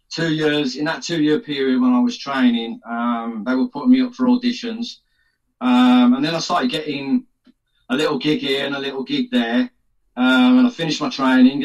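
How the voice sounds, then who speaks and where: A rough recording captures an actor's mid-range voice at normal speed as he guests on a podcast. The interview is casual and full of storytelling; he keeps it lively, laughing often and doing voices in his anecdotes.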